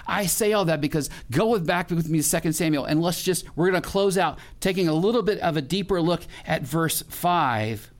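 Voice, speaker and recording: A middle-aged male pastor preaching a sermon in a conversational way, with restarts and questions put to the congregation. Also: fairly high pitch.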